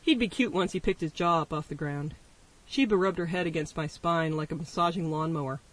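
Man reading an audiobook, wry first-person telling, pretty high voice, mic kinda far away. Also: brisk, fairly bright tone. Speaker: narrator. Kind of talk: audiobook narration. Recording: voice distant from the mic.

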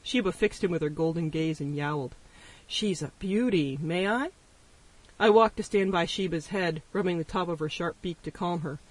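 A man's voice: on the high side, a little fast, few pauses, no echo. A man narrating an audiobook in a wry first-person storytelling manner. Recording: voice distant from the mic.

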